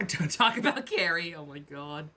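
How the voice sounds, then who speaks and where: A woman's voice: low voice, expressive, normal speed, pushed and bright, slight background noise. A woman streaming a video game, chatting casually, swearing, giggling and mocking her own character voices. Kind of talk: casual let's-play commentary.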